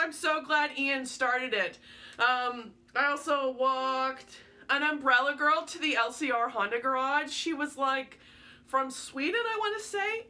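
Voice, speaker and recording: Young woman, high and bright, gushing casual storyteller; vlog host. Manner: excitable, gushing, many fillers. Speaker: vlogger.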